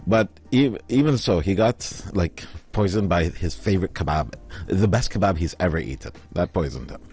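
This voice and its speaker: A man telling a travel story in casual chat, acting out the other people's lines in lively voices. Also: deep voice, moderate pace.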